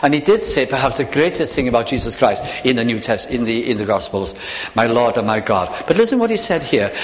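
Guy preaching a sermon in a church, voice goes up and down a lot, long echo. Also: medium pitch. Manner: expressive, varied delivery with slow emphatic pauses.

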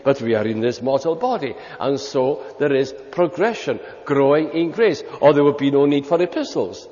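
An older British man preaching a sermon, slow and emphatic, with long pauses and hymn lines worked into his speech. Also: medium pitch, lively intonation, warm tone. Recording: lo-fi hall recording with long reverb.

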